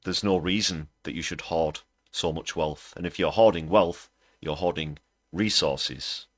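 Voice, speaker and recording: A man with a very deep voice hosts a livestream of political commentary. He talks in a sarcastic, scornful way. The recording is dry and close, with no room sound. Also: a little slow, dry recording. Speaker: livestream host.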